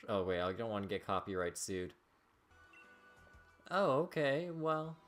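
A man's voice: fairly low pitch, sing-song, measured pace, pauses often, soft background music. A young man hosting a let's play, chatting casually, joking and reading game text aloud.

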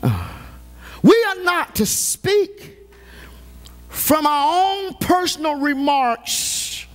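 Male pastor, high lively voice, slow deliberate preaching with shouted peaks. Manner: preaching with shouted rises and playful teasing of the congregation. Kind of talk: sermon. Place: church sanctuary.

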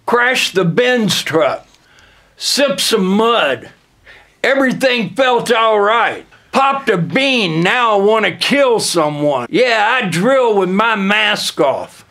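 A man playing a boastful, drugged-out vampire rapper in a comedic monologue, bragging crudely in a deadpan way. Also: high-pitched, creaky, exaggerated voice. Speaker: comedian in character.

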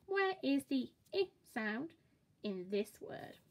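A woman teaching a children's phonics lesson, modelling each sound slowly and cheering the listener on. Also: high voice, very animated, a little mellow. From England. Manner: slow, encouraging, exaggerated sound-by-sound modelling.

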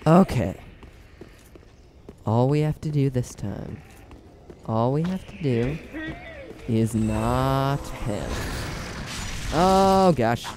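A man's voice: mid-range voice, expressive, very slow, pauses often, background noise. A man giving casual gameplay commentary with dramatic, whiny self-pitying asides. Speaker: let's play gamer.

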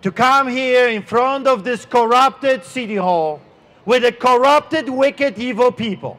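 A middle-aged man with a non-native English accent preaches outdoors on a city street, unusually high-pitched. He talks slowly and emphatically, stretching key words for weight. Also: a bit bright. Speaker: street pastor.

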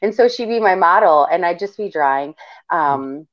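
A woman's voice: on the low side, expressive, moderate pace. A woman co-hosting a casual chat who teases playfully and laughs often. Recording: dull lo-fi recording.

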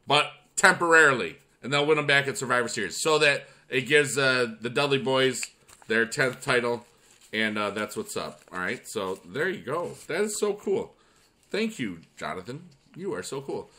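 A young man from upstate New York hosting a casual gaming video, chatting while reading fan mail and bursting into excited cheers. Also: mid-range voice. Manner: excitable, swings into loud shouting cheers. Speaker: YouTube gaming channel host.

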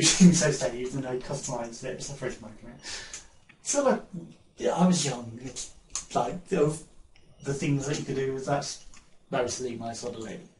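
A rambling, chatty man with a slightly high voice talks through his shopping haul, laughing often and chewing as he talks. The room is echoey, with a faint hiss behind him. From England. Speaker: vlogger. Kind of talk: casual haul video chat.

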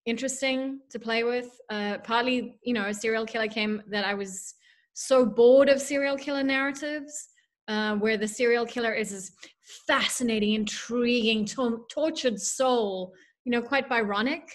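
On a video call for a casual interview, a woman from South Africa talks at a moderate pace in a highish voice. She is an author guest, self-deprecating and heavy on fillers, with a mixed South African accent that drifts toward American and Irish.

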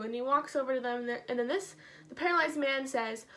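Chatty kids' church teacher, a woman, high and bright, easygoing and filler-heavy. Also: fast talker. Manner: bubbly, chatty, lots of "like". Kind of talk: casual children's Bible lesson.

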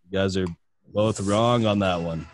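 A man's voice: lowish voice, normal speed. A man hosting a casual podcast, running a music quiz and joking around with friends. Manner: joking, reads lyrics in put-on accents. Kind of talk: casual chat.

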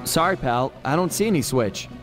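A man's voice: on the high side, expressive, moderate pace, music in the background, close to an everyday voice. A man voicing a goofy big hippo. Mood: cheerful. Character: big friendly male hippo sidekick. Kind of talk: video game cutscene voice acting.

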